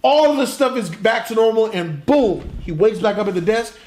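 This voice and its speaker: A man retelling a comic plot in a casual, animated, profane way, as a reviewer. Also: high-pitched, moderate pace. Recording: roomy echo.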